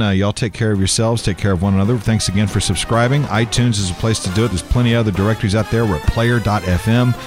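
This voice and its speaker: A man hosting his own podcast in easygoing, rambling talk that often repeats words. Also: deep voice. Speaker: podcast host. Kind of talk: casual solo podcast talk.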